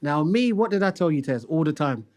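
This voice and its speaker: A man's voice: fairly high pitch, brisk. Ranting young man. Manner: animated, exasperated ranting. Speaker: podcast co-host. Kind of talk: casual football chat.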